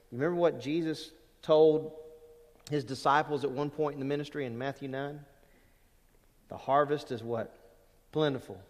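Folksy older pastor in a reverberant hall. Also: male voice, fairly high pitch, darkish tone. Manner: folksy storytelling with rising emphatic peaks. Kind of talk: sermon.

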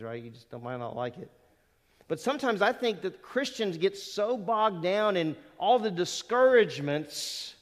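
A man's voice: high voice, fairly bright tone. A middle-aged man preaching a sermon in a church, talking in a conversational way with rhetorical questions and asides. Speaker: pastor. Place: church sanctuary. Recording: long reverb of a church hall.

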